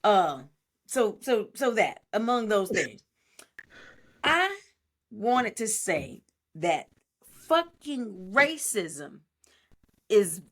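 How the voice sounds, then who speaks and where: A woman co-hosting a podcast, telling a story in casual chat, animated and profane. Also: medium pitch, extremely slow, pauses often. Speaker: podcast co-host.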